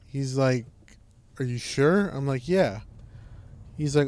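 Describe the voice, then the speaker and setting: A young man casually telling a long, profane, animated story, full of "I'm like" and "she's like". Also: medium pitch, takes it slowly, long pauses, a little hiss or hum. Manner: rambling, profane, animated retelling with lots of "I'm like". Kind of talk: casual chat.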